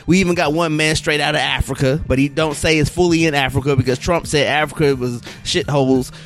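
A man hosting a casual podcast, playful and hyped, his voice still hoarse from being sick. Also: a little high, fairly even intonation, fairly quick, fairly bright tone, soft background music. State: hoarse, recovering from illness. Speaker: podcast host.

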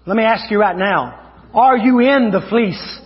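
A man preaching an evangelist's sermon, fervent and repetitive, rising to shouts at his peaks. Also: high-pitched, a little slow, in a large hall, lo-fi sound. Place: church hall.

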